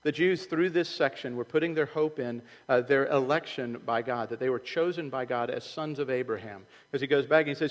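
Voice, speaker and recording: Conversational preacher in an echoey hall. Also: male voice, mid-range voice, a little fast, few pauses. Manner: conversational preaching, acts out quoted voices. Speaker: pastor. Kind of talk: sermon. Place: church sanctuary.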